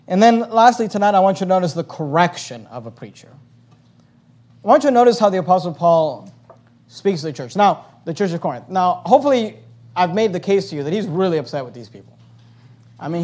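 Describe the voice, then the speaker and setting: A man preaching a sermon as pastor, reading scripture aloud and building to loud emphatic stretches. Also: high-pitched.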